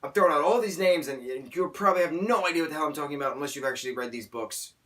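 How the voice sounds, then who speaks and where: A young man reviewing a book in a casual vlog, rambling and excitable, often stammering and restarting. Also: on the high side, rapid-fire, far from the mic.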